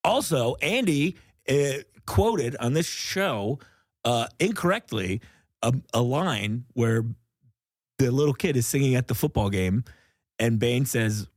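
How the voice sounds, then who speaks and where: A man's voice: medium pitch, expressive, takes it slowly, dry recording, clean studio sound. A young man hosting a casual comedy podcast, joking around and laughing often. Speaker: podcast host.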